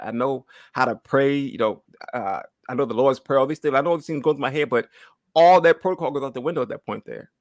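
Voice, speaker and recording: A man in his thirties, with a mid-range voice and no room sound, gives an emotional church testimony while holding back tears. He is earnest, repeats phrases, and keeps asking "right?"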